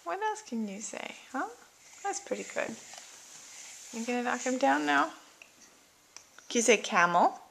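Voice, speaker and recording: A woman's voice: fairly high pitch, sing-song, unhurried, gravelly, pauses often, fairly bright tone, slight background noise. A woman at home quizzing a small child, patiently naming animals and repeating her questions, recorded on a handheld camcorder. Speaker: parent teaching a toddler sign language.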